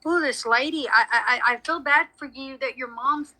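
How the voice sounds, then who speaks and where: A woman's voice: high voice, normal speed, sharp tone, poor audio. A woman giving a live psychic reading, chatty and frank with frequent apologies. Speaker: psychic medium. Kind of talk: live social media reading.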